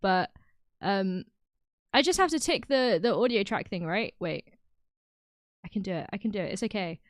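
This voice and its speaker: A woman's voice: mid-range voice, lively intonation, moderate pace, no echo, studio quality. A young woman streaming, chatting casually with her viewers, bubbly and giggly, often breaking into laughter. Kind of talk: casual chat with live chat.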